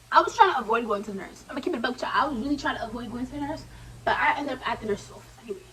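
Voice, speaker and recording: Young woman, casual slangy storyteller; sharp high voice, a bit off-mic in a quiet room. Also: racing, far from the mic, slight background noise, rough recording. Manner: slangy, animated retelling with quoted asides. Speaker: vlogger.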